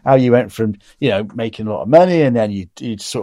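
A man's voice: mid-range voice, animated, quick pace, warm tone, no echo, studio quality. A man from England in his fifties, telling rambling, chatty anecdotes as an interview guest. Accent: English. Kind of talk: casual storytelling interview.

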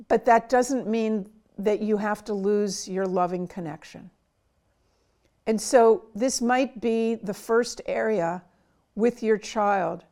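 Slow, earnest woman psychiatrist. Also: medium pitch, a little mellow. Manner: earnest, coaching parents step by step. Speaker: child and adolescent psychiatrist, guest. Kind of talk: advice in an interview.

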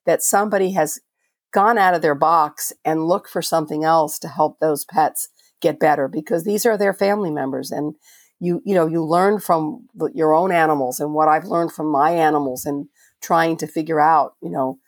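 A woman's voice: deep voice, normal speed, no echo, clean studio sound. An older woman from Florida, a veterinarian guest on a podcast, telling stories in a passionate, conversational way with frequent restarts. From Florida, USA. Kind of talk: podcast interview storytelling.

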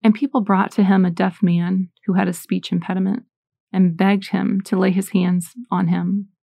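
A woman's voice: mid-range voice, level tone, moderate pace, creaky, mellow, dry recording. A woman in her forties giving a Catholic faith talk, telling personal stories in an earnest way and reading scripture aloud. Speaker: Catholic speaker.

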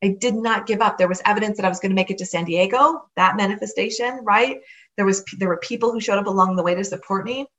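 A woman's voice: mid-range voice, fast, a bit bright, rough recording. Earnest woman podcast host. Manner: earnest, encouraging storytelling; repeats phrases for emphasis. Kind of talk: motivational solo podcast.

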